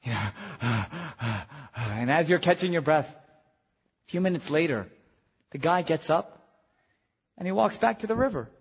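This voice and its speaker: Male pastor, lively high voice, slightly husky; preaches from hush to shout in an echoing hall. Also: moderate pace, long pauses. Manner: animated, swings from hushed to shouting. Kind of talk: retreat sermon. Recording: long hall reverb.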